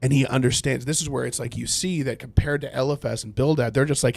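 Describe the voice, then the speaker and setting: A man's voice: mid-range voice, steady tone, fast talker, gravelly, a little mellow, no room sound. A man leading a livestreamed Bible study, earnestly reading scripture aloud and explaining it, now and then thanking viewers in chat.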